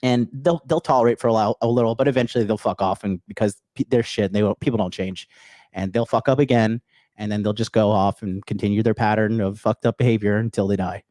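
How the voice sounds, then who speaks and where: A fast-talking man with a low, mellow voice and fairly even intonation rants on a livestream without a script. His dating advice is blunt and packed with swearing; he calls viewers bros and reads chat aloud as he answers. The sound is clean studio quality with no room sound.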